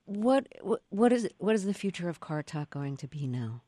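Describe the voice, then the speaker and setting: A woman's voice: on the low side, sing-song, normal speed, dark tone, no echo, clean studio sound. A woman interviewer asking short, direct questions in a radio interview.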